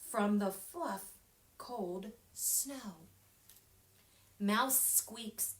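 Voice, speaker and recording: A woman children's librarian reading a picture book aloud at storytime, animated and expressive, with sound effects and whispered asides. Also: on the high side, slow. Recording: echoey room.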